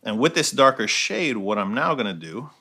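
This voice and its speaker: Male art teacher, bright forceful voice, talks through a painting lesson, habitual "right?" tag. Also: medium pitch, big pitch swings, moderate pace. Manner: explains while painting, checks in with frequent "right?". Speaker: art instructor. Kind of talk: step-by-step painting tutorial.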